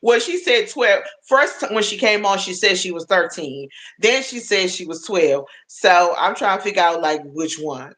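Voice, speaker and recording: A woman's voice: fairly low pitch, normal speed, few pauses, fairly bright tone. A woman in her forties chatting casually on a livestream, motherly and affectionate, laughing often and talking to viewers by name. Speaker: livestream host.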